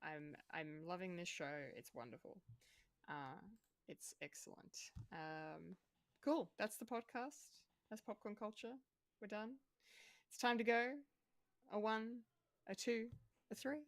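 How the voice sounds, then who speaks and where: A woman hosting a casual podcast chat, bubbly and quick to laugh. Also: lowish voice, no echo. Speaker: podcast host.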